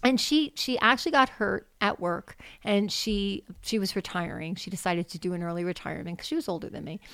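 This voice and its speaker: A woman's voice: medium pitch, fairly quick, a bit bright, clear, resonant tone, no echo, clean studio sound. A woman telling a faith story on a video call, acting out what people said and laughing often. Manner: acts out quoted voices, laughs often. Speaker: guest. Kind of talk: animated faith testimony.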